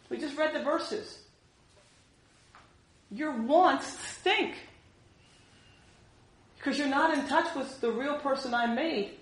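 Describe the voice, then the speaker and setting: Animated woman preacher in an echoey room. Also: high-pitched, slow pace, long pauses. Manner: animated, acts out quoted voices. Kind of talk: sermon.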